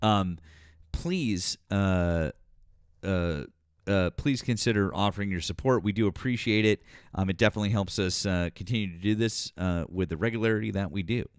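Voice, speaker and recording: A man's voice: deep voice, normal speed, clear, resonant tone, no echo, studio quality. A man hosting a casual politics livestream, rambling, swearing now and then, and thanking viewers from the chat. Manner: rambling, swears, many fillers, reads chat aloud.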